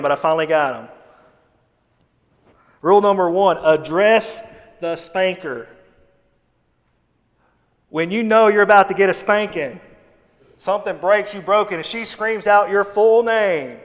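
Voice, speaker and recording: An associate pastor from Missouri, USA, delivers a sermon in a church sanctuary with a drawl, his voice a bit high for a man. He blends homespun humor with scripture, getting loud for emphasis and going quiet for asides in a folksy, funny manner. Long church reverb lingers after each phrase.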